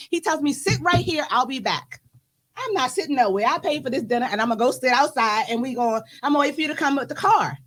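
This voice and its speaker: Bright, high-voiced woman storytelling. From Washington, D.C. area. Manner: lively, dramatic retelling with laughs and quoted voices. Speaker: co-host. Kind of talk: animated storytelling in a group chat.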